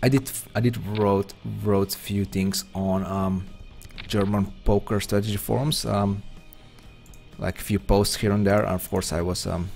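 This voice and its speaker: A man's voice: fairly low pitch, little pitch movement, a little slow, creaky, darkish tone, soft background music. A man chatting loosely with viewers while streaming an online poker game, rambling and self-deprecating. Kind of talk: live-stream chat while playing.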